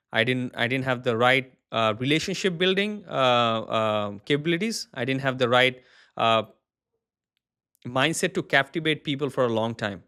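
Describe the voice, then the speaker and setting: A man who founded an agency, telling his story as an interview guest, lively and acting out what others said. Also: medium pitch, smooth. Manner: animated, acts out other people's words while telling stories.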